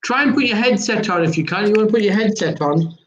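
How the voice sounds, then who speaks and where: A man's voice: sits high, animated, fast talker, dull audio. A male radio host interviewing a caller, pressing with repeated questions. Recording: roomy studio echo.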